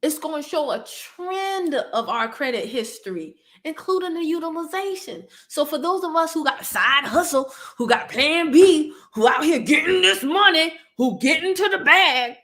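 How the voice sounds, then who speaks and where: A woman's voice: high voice, expressive, a little slow, pushed and bright. A woman, hosting a live stream, chatting casually with her viewers and laughing often.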